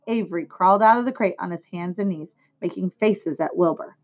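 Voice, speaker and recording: Female teacher narrating a storybook, measured read-aloud, muffled lo-fi recording. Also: on the low side. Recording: dull lo-fi recording.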